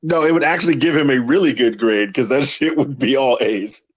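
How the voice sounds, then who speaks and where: A man co-hosting a podcast, chiming in with loud, laughing remarks. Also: medium pitch, a little fast, slightly rough. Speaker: podcast co-host. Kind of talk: casual chat.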